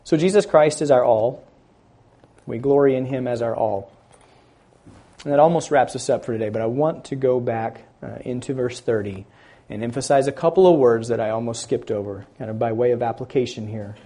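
A man preaching a sermon, building loud on key words and dropping quiet at the ends of phrases, stressing scripture slowly. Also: mid-range voice. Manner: slow, deliberate emphasis on scripture phrases.

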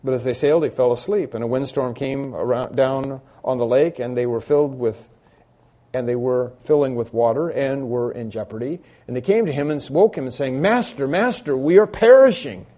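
Man, pastor, sermon, warm mellow voice, conversational, repeats phrases for emphasis. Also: medium pitch, normal speed. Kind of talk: expository sermon.

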